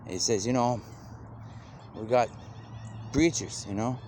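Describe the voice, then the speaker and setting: A man rambles on in an unhurried stream of talk, stringing thoughts together with endless "you know"s. His voice sits at an ordinary middle pitch. A faint background hiss runs under the recording. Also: a little mellow. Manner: rambling, loose, repeats "you know" constantly, slips into quoted voices. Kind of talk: rambling monologue.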